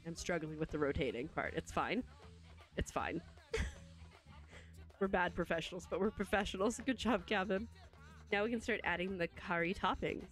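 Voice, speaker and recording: A woman narrating her gameplay in a chatty, excitable way, laughing often. Her voice sits on the low side. Faint game music plays beneath her talk. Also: normal speed, long pauses. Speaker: let's play host. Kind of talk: gameplay commentary.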